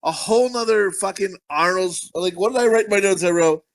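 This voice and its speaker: This podcast co-host has a high, gravelly voice and a brisk delivery. Reviewing movies casually, he jokes crudely, swears a lot, and laughs often.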